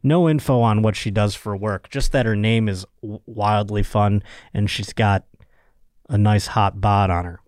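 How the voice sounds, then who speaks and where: A man's voice: lowish voice, a little slow, darkish tone, dry recording, studio quality. A young man hosting a podcast, rambling and joking crudely in casual chat. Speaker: podcast host.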